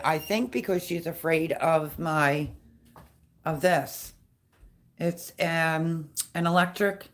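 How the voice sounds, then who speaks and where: A woman's voice: lowish voice, fairly bright tone. A middle-aged woman chatting casually on her live stream, rambling about the dogs around her and cooing baby talk at them.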